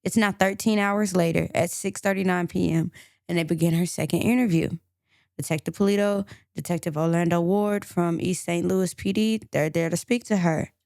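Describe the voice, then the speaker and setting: A woman co-hosting a podcast, telling a true crime story in an animated way and acting out the quotes. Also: on the low side, normal speed, vocal fry, no echo, studio quality. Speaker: podcast co-host.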